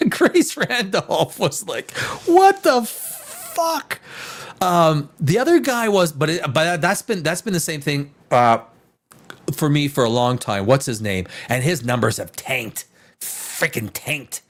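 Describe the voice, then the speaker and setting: A man's voice: on the high side, expressive, measured pace. A man hosting a live stream in casual chat, rambling and profane, with many restarts. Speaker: live show host.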